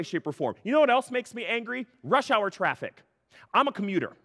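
A man preaching a sermon as a pastor, an animated storyteller who laughs through his mock outrage. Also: high-pitched, a little fast. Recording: long hall reverb.

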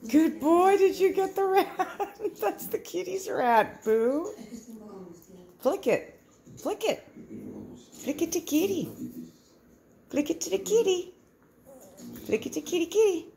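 Slow, sing-song woman cooing at pets. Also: very high voice, expressive, vocal fry, dark tone. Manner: cooing, coaxing sing-song with frequent laughs. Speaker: pet owner filming her pets. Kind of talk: baby talk to pets. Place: home indoors.

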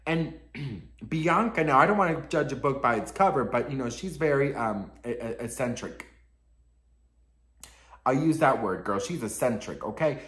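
Sassy, animated gossip vlogger man. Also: medium pitch, moderate pace, reverberant. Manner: sassy, excitable, peppered with swearing and "girl". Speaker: pop culture gossip vlogger. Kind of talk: casual gossip vlog.

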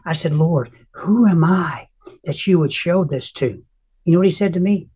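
An older man with a husky, breathy voice recounts a personal faith testimony as an interview guest. He tells it earnestly and with deep emotion, acting out the lines he quotes. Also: normal speed, warm tone. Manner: emotional, earnest storyteller who acts out quotes.

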